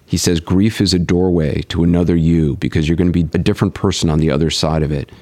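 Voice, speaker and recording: Low-voiced male podcast host. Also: fairly even intonation, fast, warm tone. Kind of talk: interview.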